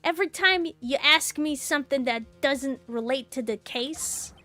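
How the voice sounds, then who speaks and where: Woman putting on a hotheaded male thug, gruff, menacing, rough street talk, game reading. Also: sits high, a little slow, pushed and bright, soft background music. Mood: threatening.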